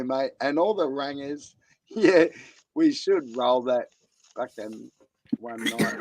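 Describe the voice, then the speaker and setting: A man's voice: mid-range voice, slow, pauses often, a little mellow, no room sound. A man chatting casually on a live stream, joking and swearing. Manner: jokey, swearing, laughing easily.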